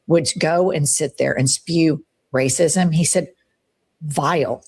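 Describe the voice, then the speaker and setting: Husky lady host going off on politics, swoopy voice, kinda low, swears a lot. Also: slow pace, darkish tone. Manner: impassioned, profane, swooping emphasis. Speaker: show host. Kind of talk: heated political commentary.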